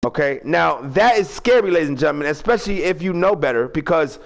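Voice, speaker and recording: A man hosting a fan-made video-game wrestling show, rambling in casual chat and breaking into drawn-out ring-announcer calls. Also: on the high side, animated, vocal fry. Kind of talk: casual hosted recap with announcer flourishes.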